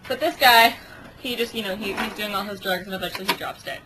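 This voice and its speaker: A woman's voice: mid-range voice, fast talker. A woman casually narrating a made-up story with toy ducks, rambling with giggly asides. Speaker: storyteller with toys. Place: home. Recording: home video with noisy hiss.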